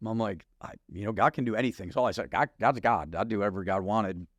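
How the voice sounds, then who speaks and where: A man's voice: fairly low pitch, quick pace, dry recording, studio quality. A middle-aged man from Wisconsin telling his testimony as a pastor, laughing often and acting out conversations. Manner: animated, laughs often, acts out dialogue. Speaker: guest pastor. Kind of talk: storytelling testimony.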